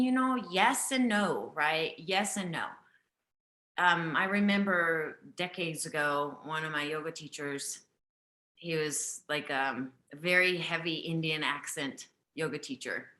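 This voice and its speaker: A woman hosts a live breathwork session with a bright, clear tone and an unhurried pace. She speaks gently and earnestly and often repeats key phrases. Her voice carries the echo of a roomy space. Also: low-pitched. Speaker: breathwork teacher and host. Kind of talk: live online session talk.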